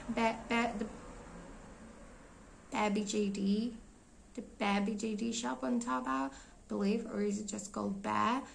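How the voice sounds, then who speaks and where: A woman's voice: mid-range voice, vocal fry, slight background noise, rough recording. A young woman losing her voice, chatting casually and rambling as she shows her collection in a vlog, often searching for names and laughing. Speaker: doll collector vlogger. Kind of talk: casual show-and-tell vlog.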